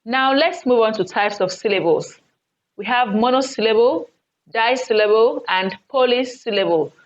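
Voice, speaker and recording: Woman, online lesson, unhurried, repeats words, muffled sound. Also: medium pitch. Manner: slow, deliberate, repeats words for emphasis. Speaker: teacher. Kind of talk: recorded online English lesson. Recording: dull lo-fi recording.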